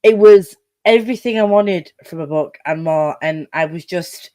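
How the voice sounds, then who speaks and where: A woman gushing about a book in a casual chat, halting and restarting, with some swearing. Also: fairly low pitch, mellow, no echo. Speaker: book podcast co-host.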